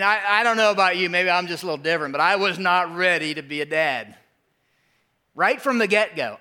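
Male preacher, forties, bright and slightly high voice, lively storyteller working the congregation. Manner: animated storytelling with call-and-response to the congregation. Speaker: pastor. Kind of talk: sermon.

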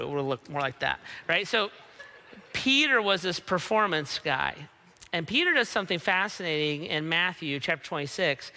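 Brief: male pastor with a conversational sermon style, high voice, long hall reverb. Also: pushed and bright. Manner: conversational, keeps asking "right?".

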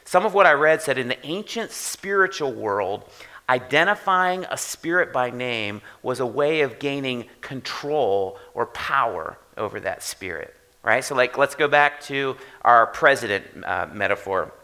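A man preaching a sermon in a conversational way, often checking in with "right?" and swinging from quiet to loud for emphasis. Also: mid-range voice, expressive, measured pace. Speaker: pastor.

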